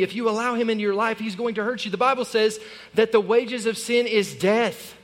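A man in his thirties, a pastor preaching a sermon in a church, impassioned and rising to shouts when he exhorts. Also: sits high, fairly even intonation, fairly quick. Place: church sanctuary. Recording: long hall reverb.

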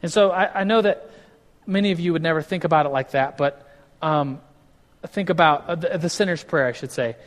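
A man's voice: fairly high pitch, a little fast. A male pastor teaching a casual, conversational sermon, often restarting sentences and acting out what people say. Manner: conversational, with many restarts and acted-out quotes. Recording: long hall reverb.

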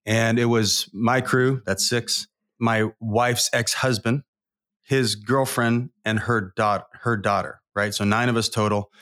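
Taking it slowly, a man with a medium-pitched, slightly bright voice and fairly even intonation recounts personal stories. He's a forties-aged guest coach from Southern California on an interview show, earnest, emotional and rambling in his candid storytelling.

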